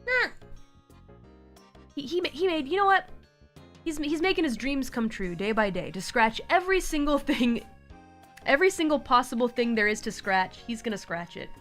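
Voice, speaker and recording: A woman hosting a relaxed live stream from home, chatting casually, laughing often and cooing at her cat. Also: sits high, moderate pace, pauses often. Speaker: livestream host. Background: faint background music.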